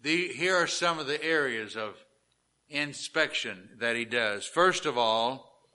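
A man preaching a sermon as pastor, reading scripture aloud and explaining it with slow, emphatic delivery. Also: mid-range voice, animated, sharp tone.

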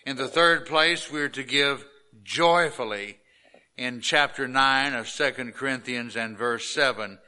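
A man delivers a sermon from the pulpit, reading scripture slowly and stressing the key words. His pace is markedly unhurried, and his voice has a bright, ringing edge. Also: medium pitch, clear, resonant tone. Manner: slow, emphatic preaching with scripture reading. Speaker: pastor.

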